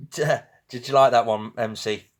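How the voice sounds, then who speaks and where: A man's voice: mid-range voice, takes it slowly. A young man from northwest England hosting a casual live stream, with a northwest English accent, chatty and teasing, laughing often with viewers. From St Helens, northwest England.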